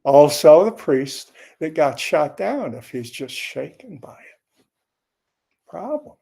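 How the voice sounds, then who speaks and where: A man teaching as a Zen teacher in a dharma talk, unhurried and conversational with wry asides. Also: a little high, sing-song, creaky, warm tone, slightly rough.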